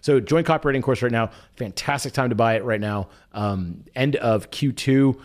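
A man hosting a weekly email show, chatting casually and upbeat with quick asides as he walks through a screen share. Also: medium pitch.

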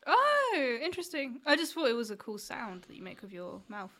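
A woman with a high, bright voice co-hosts a casual podcast. She talks loosely, fills her sentences with "like" and laughs often. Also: wildly swooping pitch, normal speed. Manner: laughs a lot, uses filler "like". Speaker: podcast co-host.

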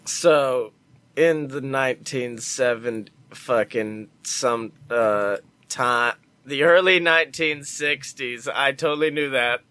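A man's voice: mid-range voice, takes it slowly, sharp tone, clear, resonant tone. A man co-hosting a casual podcast about theater, joking and swearing as he recaps a musical's plot. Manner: profane, joking, playful. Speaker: podcast co-host. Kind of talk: casual chat.

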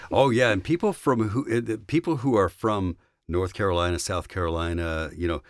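A man who narrates audiobooks, chatting casually as a podcast guest in an animated, talkative way. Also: sits low, fairly quick, dry recording. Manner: animated, chatty, warm reminiscing. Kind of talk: casual interview chat.

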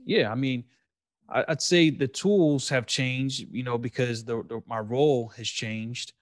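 A man as a podcast guest, speaking reflectively with pauses and fillers. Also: mid-range voice, dry recording, clean studio sound. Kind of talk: conversational podcast.

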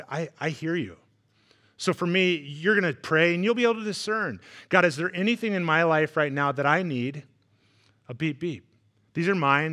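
High, bright-voiced man preaching. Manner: animated storytelling with acted-out voices. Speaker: guest pastor. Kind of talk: sermon. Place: church sanctuary.

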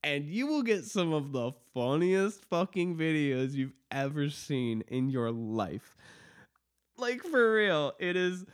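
A man's voice: on the high side, very animated, slow, smooth. A man hosting a podcast in casual chat, rambling, swearing freely and often laughing at his own stories. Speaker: podcast host. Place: studio.

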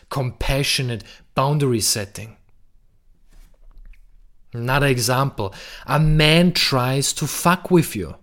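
A man speaking very slowly and deliberately, leaning hard on his words. His voice sits at a middle pitch, and his delivery is blunt and emphatic, with casual swearing. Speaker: podcast host. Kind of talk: monologue on masculinity and relationships.

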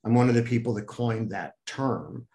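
Older man telling lively anecdotes. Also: moderate pace. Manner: animated, acts out quoted people with raised pitch. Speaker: interview guest. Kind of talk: storytelling in an interview.

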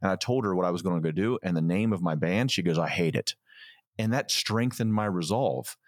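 A man co-hosting a podcast, chatting casually and telling a story in an animated way. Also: low-pitched, brisk, no echo, clean studio sound. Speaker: podcast co-host. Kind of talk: casual chat.

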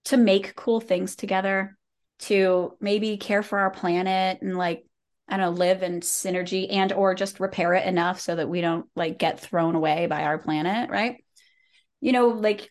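Chatty woman host, super animated, laughs a lot, rambly like-filled talk, middle pitch. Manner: animated, playful, laughs often, lots of "like". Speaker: podcast host. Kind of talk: casual conversational interview.

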